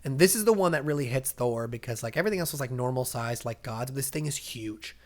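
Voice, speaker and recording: A man hosting a casual comics podcast, retelling a story in an animated way and acting out the characters' lines. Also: mid-range voice, fast. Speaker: comics explainer host.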